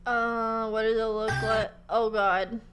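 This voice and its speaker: High-voiced giggly streamer woman. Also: flat delivery, slow pace, a bit bright, faint music behind. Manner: giggly, chatty, lots of fillers and swearing. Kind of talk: casual chat with stream chat.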